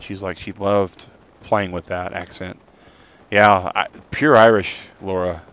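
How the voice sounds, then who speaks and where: Man streamer, casual rambling chat to viewers, low-pitched voice, slightly dull lo-fi mic. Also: fairly even intonation, takes it slowly, a bit bright, clean tone. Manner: chatty and rambling, talking to chat. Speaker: streamer playing a game live.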